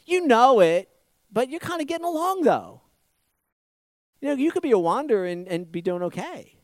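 Man, pastor, high voice, dry close sound, conversational sermon, repetitive, rhetorical questions. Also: very animated, normal speed, dry recording. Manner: repetitive, rhetorical questions, swings from loud to hushed.

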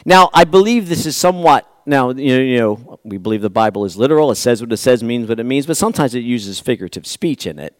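Animated preaching man, dry close sound. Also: medium pitch, quick pace, hardly any pauses, no echo. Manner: animated preaching, swinging from loud pleading to hushed asides. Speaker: pastor. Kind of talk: sermon.

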